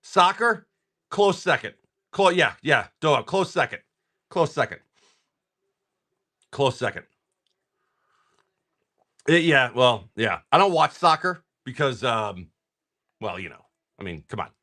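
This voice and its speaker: A man's voice: medium pitch, very animated, slow pace, pauses often, pushed and bright. A man hosting a live card-selling stream, chatting casually and telling a rambling, joking story. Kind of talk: casual chat.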